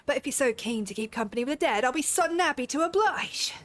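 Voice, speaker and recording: A woman's voice: sits high, lively intonation, quick pace, fairly bright tone, a little hiss or hum. A woman voicing a proud male sailor who defends the pirate code, speaking in a stern put-on pirate accent.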